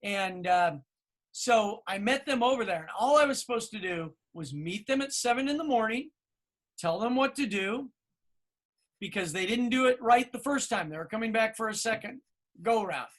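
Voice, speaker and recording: A middle-aged man with a high-pitched voice co-hosts a podcast over a video call, speaking at a moderate pace. He tells stories and animatedly acts out what other people said.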